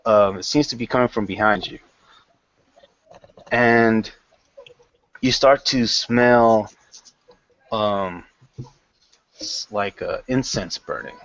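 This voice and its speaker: A man narrates a tabletop game as game master, halting often and correcting himself. He speaks very slowly in a lowish voice. The recording is dry and dull, with a lo-fi sound. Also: a bit bright, dry recording. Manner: halting, with many fillers and restarts.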